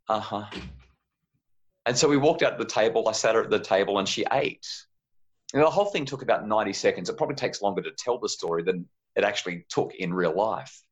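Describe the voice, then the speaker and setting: Man, fairly low voice, gentle and calm, dull lo-fi sound. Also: fast talker. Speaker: parenting guest. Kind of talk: storytelling in a podcast chat.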